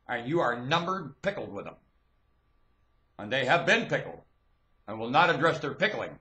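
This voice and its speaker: Man ranting loudly into a webcam. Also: very animated, normal speed. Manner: preachy, swings from low muttering to loud shouting. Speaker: webcam vlogger. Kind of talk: rambling monologue rant.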